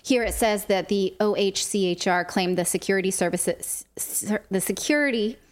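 A woman's voice: medium pitch, normal speed. Sarcastic woman reading from a report. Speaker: co-host. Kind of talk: political commentary.

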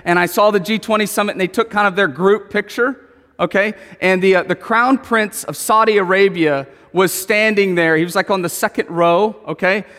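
A man preaching a sermon in an animated way, asking his listeners questions and telling stories about his family. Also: sits high, normal speed, long reverb tail. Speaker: pastor.

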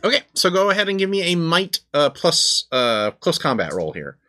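A man acting as game master for a tabletop role-playing session, talking casually. His voice is bright and swings widely in pitch. He explains rules haltingly, full of ums and restarts. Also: huge pitch swings.

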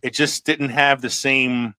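A man's voice: mid-range voice, level tone, unhurried, pushed and bright, smooth, no echo, rough recording. A man in casual movie chat as a podcast co-host, laughing often and trailing off into fillers.

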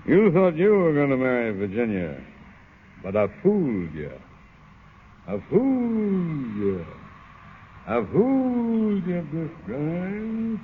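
An actor in a 1940s radio drama playing a sly, eager young sidekick. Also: male voice, medium pitch, wildly swooping pitch, normal speed, a little hiss or hum. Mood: taunting. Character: sly small-time man, eager sidekick. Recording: tinny old radio broadcast.

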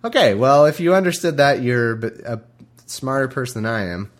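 A man giving sarcastic, irreverent commentary between readings, often halting and restarting his sentences. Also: medium pitch, animated. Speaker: podcast host reading scripture.

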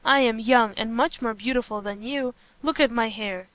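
Here the storybook's spiteful, jealous schemer, a young woman prone to shrill rages, is lightly acted by a woman narrator in a fairly high voice. She sounds furious, and the audio is dull and lo-fi.

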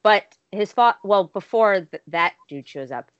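A woman with a mid-range voice and measured pace recaps a show's episode for a podcast she co-hosts, chatting casually and acting out quotes. The recording is dry, with the highs cut off.

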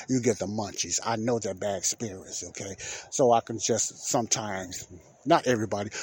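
A man's voice: on the low side, husky. A middle-aged man, hosting a podcast and telling a rambling story that repeats itself and acts out the people in it. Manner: rambling, repeats himself, acts out quoted dialogue. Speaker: podcast host. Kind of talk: casual storytelling monologue.

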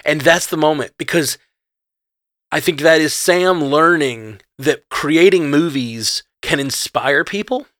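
Excited man gushing about a film. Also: on the high side, measured pace, no echo, clean studio sound. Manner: excitable, gushing, lots of fillers and restarts. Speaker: podcast co-host. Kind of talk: casual movie discussion.

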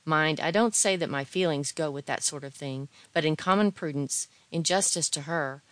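A woman reading aloud, voicing a timid, fussy gentleman who gives solemn advice in a mournfully comic tone. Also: low-pitched, moderate pace, dry recording. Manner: solemn, lamenting, earnest advice.

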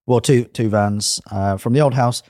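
A man from England chats casually on a podcast, telling a story in a winding way and stopping to fix his own slips. His voice sits at an ordinary middle pitch. The sound is dry and close, with no room echo. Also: normal speed, darkish tone. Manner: rambling, self-correcting storyteller. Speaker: podcast co-host. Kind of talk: casual chat.

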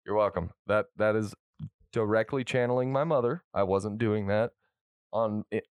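A man's voice: lowish voice, moderate pace, clean tone, dry recording. A man co-hosting a casual podcast chat, blunt and swearing often. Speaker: podcast co-host.

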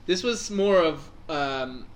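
A young man telling a story in casual chat, animated and laughing as he acts out his own reactions. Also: a little high, takes it slowly, a little hiss or hum.

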